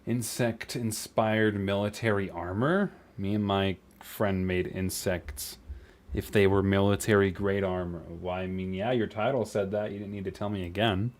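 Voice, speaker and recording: A young man streaming, reviewing viewer animations in casual, blunt commentary, quick to swear and laugh. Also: fairly low pitch, steady tone.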